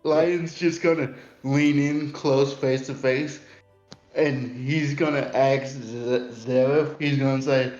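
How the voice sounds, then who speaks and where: A player at a tabletop game, a man, describes his character's moves slowly and deliberately. His mic sounds roomy and a little dull. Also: mid-range voice, steady tone, darkish tone, soft background music.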